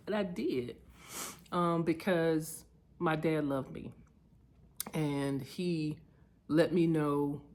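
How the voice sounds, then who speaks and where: A woman sharing personal memories in a reflective vlog, candid and heartfelt, getting lively as she tells stories. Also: sits low. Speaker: vlogger.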